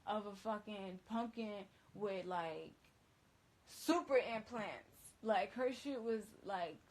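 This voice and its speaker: A woman DJ talks straight into her phone on a livestream, telling a story in a loose, casual way. She is emphatic and swears freely, and keeps dropping "like" and "bruh" into her sentences. Her voice sits at an ordinary, middle pitch. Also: rough recording. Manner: emphatic, profane, fills with "like" and "bruh".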